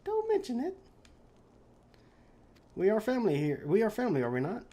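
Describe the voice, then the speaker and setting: A man's voice: sits high, huge pitch swings, normal speed, dark tone, full character voice. A man reading game dialogue aloud as a grateful young man rescued by friends, his voice pushed well above his own.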